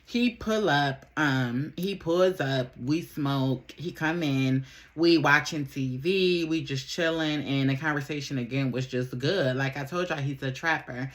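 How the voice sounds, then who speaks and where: A woman's voice: sits low, a little slow. A woman from Buffalo, New York telling a rambling, slangy story in a casual get-ready-with-me vlog, often repeating herself. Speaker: vlogger.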